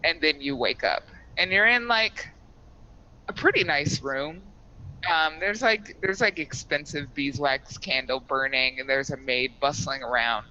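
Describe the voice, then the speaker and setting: Casting: male game master, very bright tone, slightly high, loose casual narration. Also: a little slow, lo-fi sound. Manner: loose, casual storytelling with fillers.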